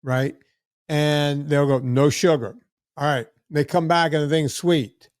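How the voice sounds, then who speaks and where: Middle-aged guy host, kinda high voice, blunt and chatty, restarts a lot, dry close mic. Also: fairly even intonation, a little slow, clear, resonant tone, no room sound. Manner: blunt, storytelling, repeats words when starting. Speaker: podcast host. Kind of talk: casual chat.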